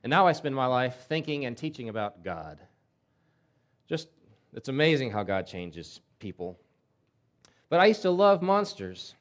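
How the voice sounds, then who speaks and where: A man's voice: mid-range voice, sing-song, a little slow, pauses often. A male pastor delivering a sermon in a conversational storytelling way, often restarting his words.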